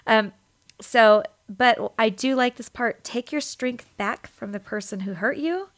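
A woman with a voice on the high side co-hosts a podcast, speaking unhurriedly in casual chat. She laughs often and rambles, sounding a bit short of breath after an infection.

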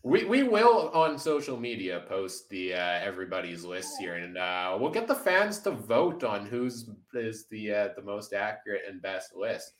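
A man's voice: lowish voice, big pitch swings, unhurried, hardly any pauses, echoey room, poor audio. A man hosting a casual sports podcast roundtable, analytical and steering the talk, with frequent "uh" fillers. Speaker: podcast host.

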